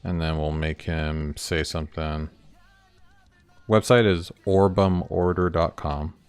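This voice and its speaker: A man's voice: deep voice, steady tone, takes it slowly, darkish tone, clear, resonant tone, no room sound, faint music behind. A man livestreaming as he builds his game, thinking aloud, rambling and chuckling as he works through each step. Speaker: indie game developer streaming his work. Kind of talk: casual livestream, thinking aloud while working.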